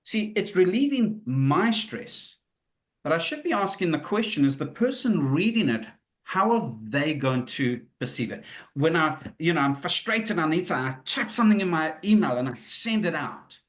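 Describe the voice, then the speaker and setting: A man leading a webinar, speaking in a fairly high voice. He talks conversationally and acts out the questions and retorts he quotes, shifting his tone for each. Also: lively intonation, moderate pace, fairly bright tone. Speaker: webinar presenter. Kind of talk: live webinar talk.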